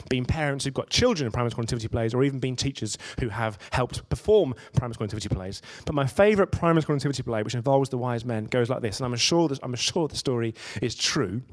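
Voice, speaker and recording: A man giving a conversational sermon, telling stories and asking his listeners rhetorical questions. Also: mid-range voice. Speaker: preacher.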